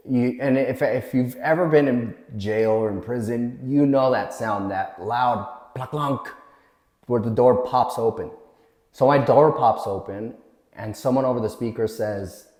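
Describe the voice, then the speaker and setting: A man's voice: medium pitch, a little mellow. A man candidly telling his own life story as a guest, blunt and swearing freely while he acts out what others said. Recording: echoey room with long reverb.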